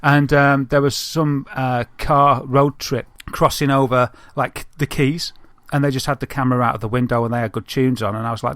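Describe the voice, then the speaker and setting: Northern English male podcast co-host, middle pitch, rambling chatty delivery, dry close recording. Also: steady tone, moderate pace, hardly any pauses, a bit bright, no room sound. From Northern England. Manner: chatty, rambling storyteller with many fillers. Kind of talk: casual chat.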